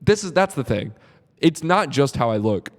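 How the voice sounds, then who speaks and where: Young male comic, casual rambling chat, middle pitch, long room reverb. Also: sing-song, moderate pace. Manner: chatty, full of likes, puts on voices when quoting himself. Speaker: comedian guest. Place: podcast room at a comedy club.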